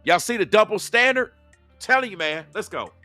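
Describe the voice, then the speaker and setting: A man's voice: sits high, expressive, moderate pace, over loud music. A man giving heated, casual commentary on video clips, talking straight to his audience in a confrontational, preachy way and hammering his points with rhetorical questions. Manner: loose slangy talk aimed at the audience.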